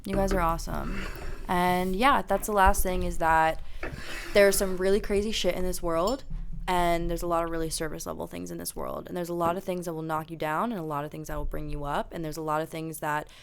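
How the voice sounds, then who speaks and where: A woman's voice: lowish voice, little pitch movement, fairly quick, creaky, slight background noise. A young woman guest on a casual podcast, talking earnestly and reflectively, with lots of "like" and casual swearing.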